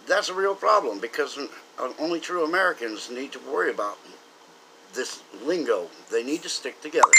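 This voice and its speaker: Heated man with a bright, forceful voice. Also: medium pitch, a little hiss or hum, low-quality recording. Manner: heated, emphatic, repeats and restarts when worked up. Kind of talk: frustrated political rant.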